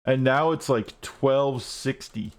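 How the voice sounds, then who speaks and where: A man's voice: medium pitch, slow pace. A man live-streaming a game, chatting casually and rambling while he plays, swearing often.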